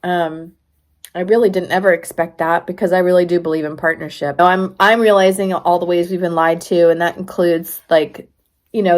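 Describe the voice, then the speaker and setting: A woman artist talking to camera in a vlog, musing earnestly and rambling with many fillers. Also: on the low side. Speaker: artist and vlogger. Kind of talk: reflective vlog talk to camera.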